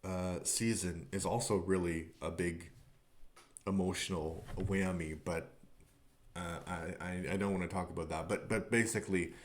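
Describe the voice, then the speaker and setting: A man's voice: low voice, steady tone, normal speed, a little hiss or hum. A man talking casually in a podcast review, rambling with many fillers and restarts. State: tearful at times.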